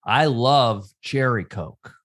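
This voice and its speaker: Wry neurotic man with a lively voice. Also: mid-range voice, takes it slowly. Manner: self-described neurotic, wry and dry. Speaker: podcast co-host. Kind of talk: casual chat.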